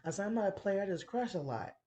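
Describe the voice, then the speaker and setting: A woman's voice: mid-range voice, lively intonation, quick pace, dull audio, background noise. A woman in her thirties telling a frank, profane story on a casual chat show. She laughs often and talks in a playful way. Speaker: podcast host telling a story.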